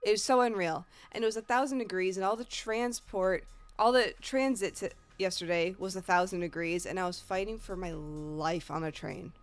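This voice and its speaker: A woman's voice: lowish voice, moderate pace, hardly any pauses, faint music behind. A woman with a Northeast American accent, a streamer telling a rambling, profane story in casual chat. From Northeast United States.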